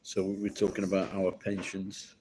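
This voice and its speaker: A man's voice: low-pitched, completely flat delivery, normal speed, darkish tone, slight background noise, low-quality recording. A middle-aged man with a Yorkshire accent, chatting casually in a rambling, sweary, blunt way. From Yorkshire, northern England.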